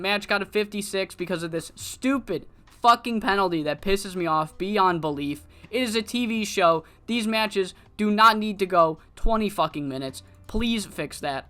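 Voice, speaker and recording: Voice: medium pitch, fairly bright tone. Rambling, swearing game diary narrator. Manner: rambling, profane, many fillers. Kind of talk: casual game commentary.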